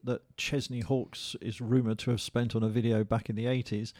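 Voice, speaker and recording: A man's voice: medium pitch, flat delivery, normal speed, darkish tone, no echo. Wry English male radio presenter. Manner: wry, dryly humorous, wordy. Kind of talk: casual radio interview.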